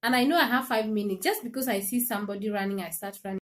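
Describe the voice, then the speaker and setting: A woman's voice: medium pitch, fast talker. A woman hosting a livestream, chatting casually and animatedly, laughing often and speaking directly to her viewers. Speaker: livestream host.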